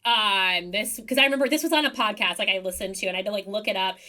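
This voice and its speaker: A young adult woman with a bright voice chats as a podcast co-host. She talks casually, leans on "like" a lot and fires off quick reactions. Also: medium pitch. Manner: chatty, filler-heavy, quick reactions. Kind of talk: casual TV recap chat.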